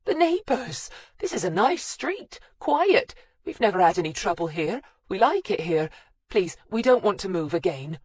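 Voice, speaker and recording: A woman reading an audiobook, voicing a nervous middle-aged wife who squeaks and wails as she pleads. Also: sing-song, moderate pace, a little mellow, slightly rough, no echo. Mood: panicked pleading. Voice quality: squeaky, wailing.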